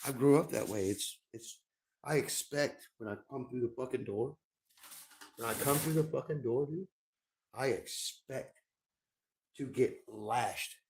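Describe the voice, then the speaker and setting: A gravelly, mid-range voice, a little mellow, belongs to a middle-aged man livestreaming indoors at home. He rambles, swears often, and repeats his words as he goes.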